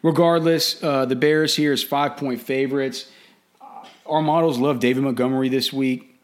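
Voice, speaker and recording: A man's voice: medium pitch, steady tone, normal speed. Chatty man breaking down fantasy football. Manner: conversational, with frequent restarts and repeated words; blunt and opinionated. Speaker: fantasy football and betting analyst. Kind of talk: casual sports betting commentary.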